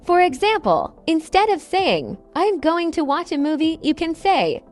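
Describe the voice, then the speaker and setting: High, lively woman teaching English. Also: unhurried, soft background music. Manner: upbeat, explains phrases with examples. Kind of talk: scripted podcast lesson.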